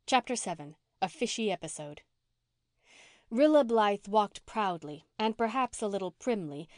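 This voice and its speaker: A woman narrates a classic novel in a measured, expressive reading. Her voice sits at a middling pitch. The recording is close and dry, with no room sound. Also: no room sound. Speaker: audiobook narrator. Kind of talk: scripted narration.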